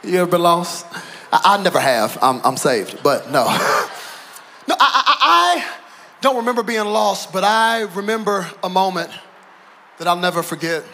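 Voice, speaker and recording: A middle-aged male pastor preaching a sermon to a church audience, moving between quiet storytelling and shouted, emphatic preaching. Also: high-pitched, lively intonation, normal speed, a little hiss or hum. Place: church auditorium.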